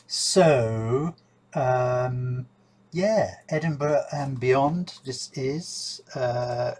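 A man hosting a reaction video, talking casually and hesitantly with lots of fillers and dry jokes. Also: mid-range voice.

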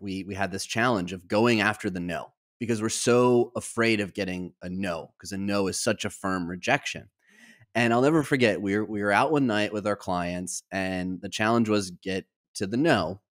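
A man co-hosting a podcast, telling anecdotes with lively acted-out dialogue in a conversational way. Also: fairly low pitch, moderate pace. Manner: animated anecdotal storyteller, acts out quoted dialogue. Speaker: podcast co-host.

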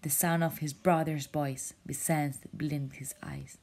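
A woman reading a children's story aloud, often in a soft whisper, stopping to ask the child questions. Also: low voice, steady tone, vocal fry. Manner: slow, often whispered narration with asides to a child.

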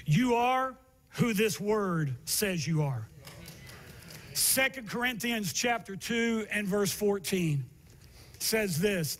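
A male pastor preaching a sermon, telling stories from his youth and building to emphatic, shouted passages. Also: high voice, lively intonation, slow pace. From Miami area, United States.

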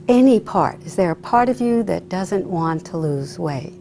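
A woman's voice: on the low side, lively intonation, a little slow, few pauses, warm tone, a little hiss or hum. A woman hypnotist leading a live stage demonstration, coaxing volunteers with sing-song repeated phrases. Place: room with a live audience.

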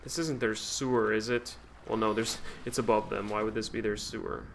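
A man's voice: fairly low pitch, steady tone, a little fast, a bit bright, slight background noise. A man streaming a video game, talking casually, with sarcastic, profane grumbling at the game. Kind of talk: casual let's-play commentary.

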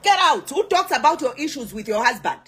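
Animated scolding Zambian woman. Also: sits high, fairly quick, faint music behind. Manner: scolding, switches between English and local words, mocking repeats. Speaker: social media influencer. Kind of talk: heated vlog rant.

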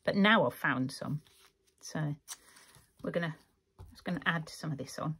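A woman's voice: sits low, normal speed, fairly bright tone, breathy edge. A woman chatting casually through a craft tutorial, rambling and laughing often as she works. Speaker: craft vlogger.

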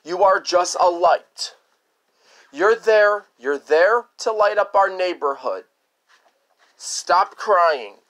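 A man's voice: sits high, animated, slow, fairly bright tone. A man in an improvised cartoon monologue, scolding over and over in a repetitive, lecturing way.

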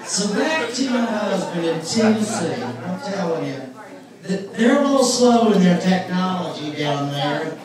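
A woman's voice: on the low side, expressive, a little slow. A woman doing a stand-up comedy set on a club stage, telling self-mocking stories in a chatty way. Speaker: stand-up comic. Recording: distant, very echoey club recording with crowd. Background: audience laughter.

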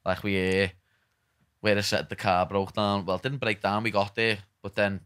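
A man's voice: fairly low pitch, little pitch movement, moderate pace, fairly bright tone, smooth, no room sound. Scouse man telling stories in a dry studio. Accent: Liverpool. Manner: chatty storytelling, peppered with "lad". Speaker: guest. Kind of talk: casual podcast chat. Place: podcast studio.

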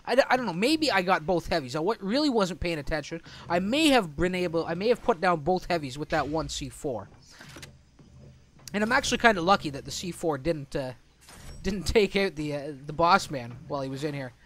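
A man narrating his gameplay with a high-pitched voice, chatty and joking, often breaking into laughter. A faint steady hiss sits under his voice. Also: a little fast. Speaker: let's play host. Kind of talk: gameplay commentary.

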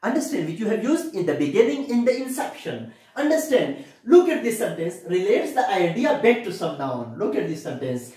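Pakistani guy teaching english grammar, lively up-and-down voice, keeps asking understand, sounds far off in a big echoey room. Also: high-pitched. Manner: switches into quick Urdu asides. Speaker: English lecturer. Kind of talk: classroom grammar lecture.

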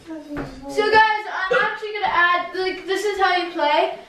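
A woman chatting casually for a vlog, full of quick exclamations as she plays. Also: extremely high pitch. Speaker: vlog co-player. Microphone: own camera at a distance. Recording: echoey room, far from the mic, loud background noise.

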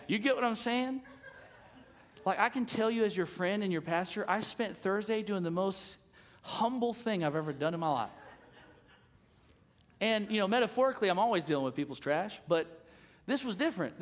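A male senior pastor preaching a sermon in a casual, animated way, acting out conversations as he tells a story. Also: sits high, moderate pace, pauses often.

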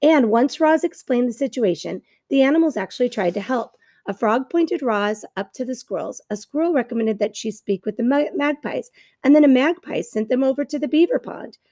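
A woman teacher reads a novel aloud to her class in clear, even storytelling narration. Her voice is fairly high with a gravelly fry. The recording is close and dry. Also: a little fast, dry recording.

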